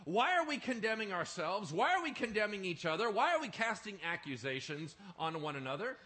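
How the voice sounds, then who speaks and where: A male pastor preaching a sermon in an animated, emphatic way, often asking his listeners questions. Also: sits high, a little fast.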